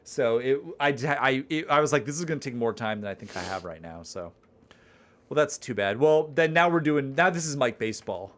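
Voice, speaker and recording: Streamer: a playful man reading his game's narration, very animated pitch. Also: a little fast. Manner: playful, rambling with restarts. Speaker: streamer and game author. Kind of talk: reading game narration and casual chat.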